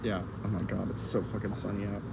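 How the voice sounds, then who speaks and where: Talking fast in a lowish, vocal-fried voice with little pitch movement, this streamer livestreams from a fire escape outside against a noisy background. He rambles profanely, laughs a lot and lets his thoughts trail off into fillers like um and uh.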